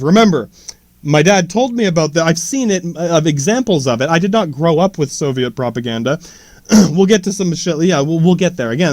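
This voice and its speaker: A man's voice: fairly high pitch, dry recording. A man hosting a podcast, ranting sarcastically and rambling with heavy swearing. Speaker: podcast host. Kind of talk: casual profane rant.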